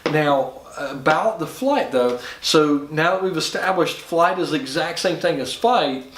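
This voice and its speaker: A man's voice: a little high, measured pace, fairly bright tone, echoey room, a little hiss or hum, rough recording. A middle-aged man, a dog trainer, explaining dog behavior in a conversational way, with frequent restarts. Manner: conversational, with many restarts, acts out dog and owner voices. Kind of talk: casual instructional talk.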